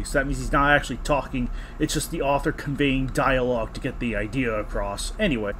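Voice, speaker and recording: A man's voice: mid-range voice, moderate pace, hardly any pauses, fairly bright tone, a little hiss or hum. A man hosting a comedy podcast, reading fan fiction aloud and breaking off with mocking asides.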